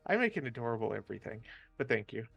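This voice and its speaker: A man playing a tabletop game, joking in a relaxed way. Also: medium pitch, rapid-fire, gravelly, husky, dry recording, muffled recording, faint music behind. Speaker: player. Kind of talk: casual tabletop play.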